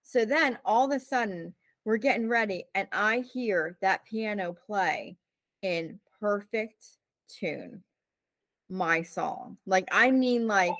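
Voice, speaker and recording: A woman's voice: mid-range voice, expressive, slow pace, a bit bright, no room sound. A woman co-hosting a podcast who tells a story in casual chat, full of "like" and "you know", and acts out the quotes. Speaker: podcast co-host.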